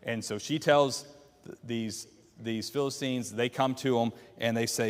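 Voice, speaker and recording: A man's voice: mid-range voice, steady tone, unhurried. A man teaching a church Bible class, retelling a story and putting questions to the class. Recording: long hall reverb.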